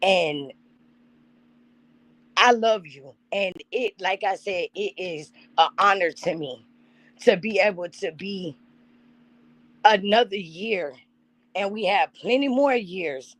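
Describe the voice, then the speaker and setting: Host, woman, heartfelt, chatty with her viewers; middle-pitched, dry close sound. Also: slow, long pauses, a bit bright, dry recording, poor audio. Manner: heartfelt, talks straight to her chat. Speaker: channel host. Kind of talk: live-stream birthday tribute.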